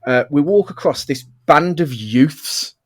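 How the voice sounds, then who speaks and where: A man's voice: a little high, a little slow, dry recording, studio quality. A man co-hosting a podcast in casual chat, telling stories with lots of laughs, over a webcam mic. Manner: animated storyteller, laughs a lot. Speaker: podcast co-host.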